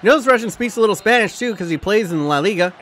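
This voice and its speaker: Excitable, bright-voiced man calling the action. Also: sits high, racing, slight background noise. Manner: excitable, profane, shouts at big moments; talks to his chat and thanks viewers. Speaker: live-stream host. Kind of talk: live watchalong commentary.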